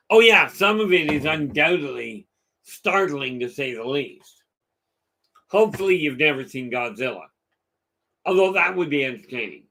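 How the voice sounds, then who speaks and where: A man's voice: on the high side, lively intonation, normal speed, vocal fry, pushed and bright. A middle-aged man hosting a live stream, chatting casually with viewers and telling rambling stories full of fillers. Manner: rambling storyteller, lots of fillers.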